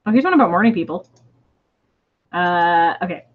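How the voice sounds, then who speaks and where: A woman's voice: on the low side, expressive, normal speed. A young woman co-hosting a casual chat, giggling as she reads funny online posts aloud. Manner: giggly, chatty. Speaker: co-host. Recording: dull lo-fi sound.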